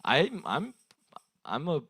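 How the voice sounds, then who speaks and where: Slow and a little high, this young man's voice swoops wildly in pitch, with vocal fry and a fairly bright but husky tone, recorded dry. He does loose, rambling improvised stand-up crowd work at an open mic on a small bar stage, cursing and laughing at his own jokes into a handheld stage mic.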